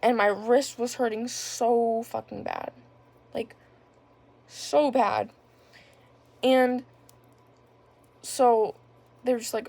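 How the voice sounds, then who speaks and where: A woman's voice: on the high side, steady tone, takes it slowly, vocal fry, pauses often, darkish tone. A young woman casually telling a personal story on her vlog, rambling with lots of filler words. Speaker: vlogger.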